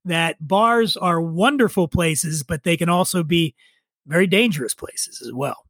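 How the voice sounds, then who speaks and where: High-voiced man telling a rambling tale. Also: unhurried, a bit bright, no echo. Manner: rambling, profane, wry asides. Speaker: guest. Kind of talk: casual storytelling chat.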